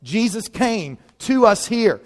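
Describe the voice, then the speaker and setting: A man preaching a sermon in a lively, conversational way, leaning on dramatic pauses. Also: high voice. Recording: long reverb of a large hall.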